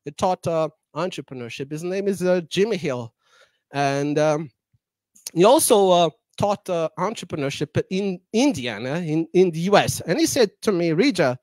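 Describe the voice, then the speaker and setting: A man's voice: a little high, expressive, moderate pace, a little mellow, dry recording. A young man from Madagascar giving a public talk, hesitant, with many fillers and restarts. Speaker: guest speaker.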